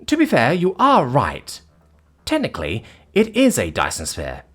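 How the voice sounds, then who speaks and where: Brief: male narrator playing a gleeful, smug woman executive, high and very lively, mocking everyone. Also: a little slow, breathy edge, exaggerated voice. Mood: smug lecturing. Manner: sarcastic, theatrical, gleeful. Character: brash witty female ex-CEO, mocking captors. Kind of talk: audiobook character voice.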